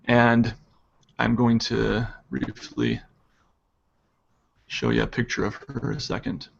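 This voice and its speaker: A man narrating as game master, halting and full of ums and restarts. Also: mid-range voice, fairly even intonation, creaky, dull audio. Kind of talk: narrating a tabletop game over a call.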